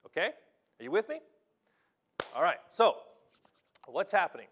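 Male pastor, emphatic preacher, slightly high voice, keeps asking the congregation "okay?". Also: a little slow, pauses often. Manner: animated, emphatic, checks in with listeners. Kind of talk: sermon. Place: church in Japan.

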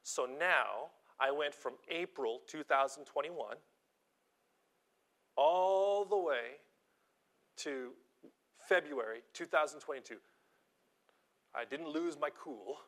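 Man, preacher, informal sermon, animated storytelling, self-deprecating, slightly high voice. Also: slow, pauses often. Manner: animated, self-deprecating, jumps between quiet asides and loud emphasis. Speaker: preacher and schoolteacher. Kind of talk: informal sermon with personal stories.

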